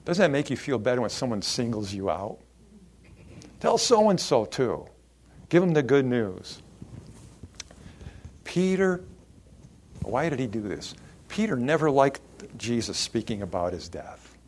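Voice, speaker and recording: A man preaching a sermon, expressive and acting out the people he quotes. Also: mid-range voice, normal speed. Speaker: pastor.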